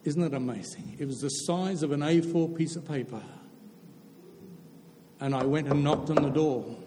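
Older male preacher, earnest testimony, slightly high voice, reverberant hall. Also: normal speed, background noise. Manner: earnest storytelling, repeats phrases for emphasis. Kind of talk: testimony sermon.

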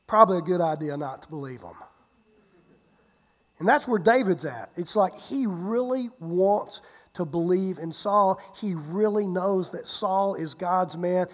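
Pastor, sermon delivery: lively storyteller, loud-to-hushed swings, repeats words for emphasis. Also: mid-range voice, measured pace. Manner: repeats and restarts words while preaching.

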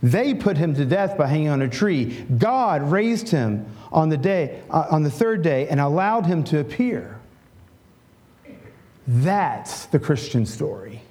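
Slow, mellow-voiced male pastor preaching. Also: fairly high pitch, very animated. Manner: conversational, asks "right?" often, leads prayer. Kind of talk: sermon.

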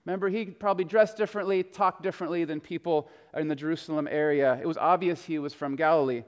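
Male pastor, high and smooth voice, conversational sermon, long hall reverb. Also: steady tone, quick pace, few pauses. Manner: conversational storytelling, swinging between hushed and emphatic.

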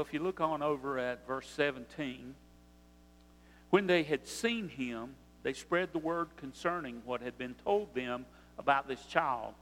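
Older male pastor, high-pitched sermon voice, long hall reverb. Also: fairly bright tone, slight background noise. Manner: preaching with rising emphasis and repetition.

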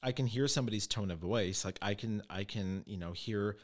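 Animated man telling stories, low voice. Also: brisk. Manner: animated storyteller, acts out quotes. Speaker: podcast host and medium. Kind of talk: casual chat.

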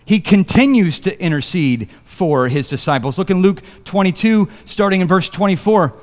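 A man's voice: high voice, animated, moderate pace, darkish tone, long reverb tail. A man preaching a sermon as pastor, reading scripture and joking with the congregation in a loose, conversational way. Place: church sanctuary.

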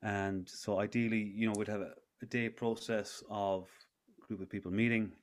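A man's voice: lowish voice, little pitch movement, moderate pace. A man in his thirties, a breathwork facilitator, telling a personal story in a casual interview with many restarts. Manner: rambling with frequent restarts.

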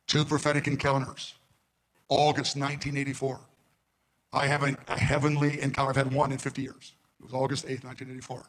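A man's voice: medium pitch, a bit bright, poor audio. A man preaching, telling a personal story and quoting the voices in it, often trailing off and restarting. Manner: quotes voices in his stories, trails off, restarts. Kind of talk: recorded sermon storytelling.

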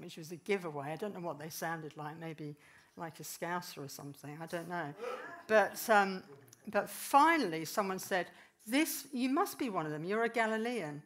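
A woman preaching with a fairly low voice. She tells the story in a lively, animated way, dropping in the voices of the people she describes. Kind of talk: sermon.

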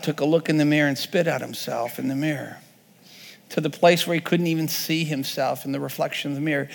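A male pastor delivers a sermon in an earnest, unpolished way, often restarting and repeating words mid-thought. His voice sits a little high for a man. A long reverb trails each phrase, as in a large church sanctuary.

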